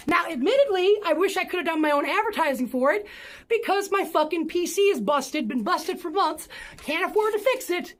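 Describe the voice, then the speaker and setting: A woman's voice: very high voice, expressive, fairly quick. A woman streaming casually while pedaling an exercise bike, joking and swearing with chat.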